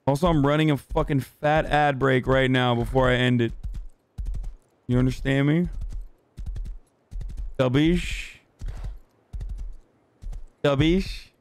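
A man's voice: mid-range voice, fairly even intonation, takes it slowly, pauses often, smooth. Profane, joking male streamer. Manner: loose, profane, joking banter with filler words. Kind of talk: casual game roleplay streaming.

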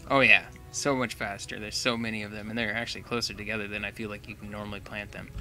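A young man with a bright, forceful voice chats loosely over his gameplay, thinking out loud and often breaking into laughs. Faint music sits behind him. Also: on the low side, level tone, fast. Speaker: gaming channel host. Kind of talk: casual gameplay commentary.

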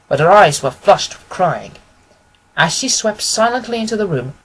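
A man reading an old detective story aloud in measured, literary narration, with a husky voice. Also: fairly high pitch, low-quality recording. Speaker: audiobook reader. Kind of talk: scripted narration.

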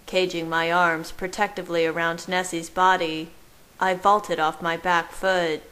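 Woman reader, unhurried and gentle, fairly low voice, narrating a romance story. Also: rough recording. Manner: slow, gentle, measured reading. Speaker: fan fiction reader. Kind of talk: storybook narration read aloud.

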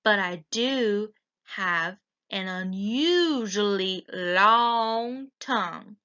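A big, scruffy storybook monster who slurps his words and whines when he doesn't get his way, as a woman reads him out. The voice drags along slowly and is bright and forward in tone. It is heard through a dull, lo-fi recording. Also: mid-range voice, lively intonation, clean tone, heavily acted. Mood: slurpy. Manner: slurping, whiny.

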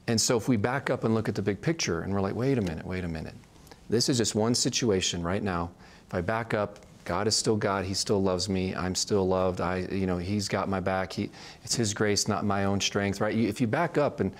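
A man teaching a casual Bible study, talking conversationally and often checking in with "right?". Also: fairly low pitch. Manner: conversational, frequent "right?" check-ins, restarts.

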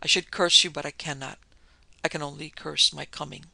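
A man's voice: fairly high pitch, level tone, a little fast, creaky, pushed and bright, dry recording, heavily acted. A man voicing an anguished young witch, the sister of Lucifer, who pleads desperately and tearfully in a horror story reading. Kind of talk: audiobook character reading.

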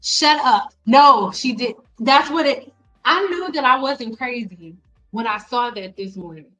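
A middle-aged woman cosmetologist hosting a casual live stream, blunt and animated, talking straight to her viewers with slang and exasperated repetition. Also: fairly high pitch, unhurried, faint music behind, low-quality recording. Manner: frequent laughs and exasperated repetition. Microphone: desk mic.

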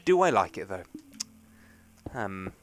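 A man's voice: low voice, big pitch swings, takes it slowly, a little hiss or hum. Rambling young man gaming. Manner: rambling, chatty, self-mocking. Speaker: gaming channel host. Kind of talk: let's play commentary.

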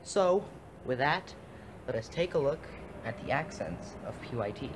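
A man's voice: medium pitch, sing-song, normal speed. A man hosting a casual vlog, upbeat and chatty, talking straight to his viewers. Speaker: vlog host.

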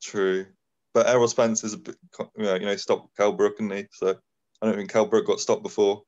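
A man from England, a guest, talking in a hesitant, measured way during casual chat. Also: on the low side, little pitch movement, darkish tone, dull audio. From Reading, England.

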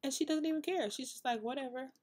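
A woman's voice: high-pitched, fast talker, crowd noise. A woman hosting a let's play, rambling chattily and addressing the viewers directly with laughs. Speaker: gaming channel host. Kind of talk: casual let's play commentary.

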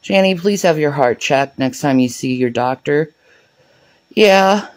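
A woman's voice: low voice, expressive, unhurried, poor audio. A woman hosting her own vlog, chatting casually, swearing freely and laughing often. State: out of breath. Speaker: vlog host. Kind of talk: casual chat.

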